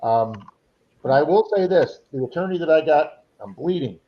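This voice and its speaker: Man, casual co-host, rambling, repeats himself, higher-pitched, muffled lo-fi recording. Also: animated, normal speed. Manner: rambling talker who restarts and repeats himself. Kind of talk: casual chat. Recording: slightly dull lo-fi sound.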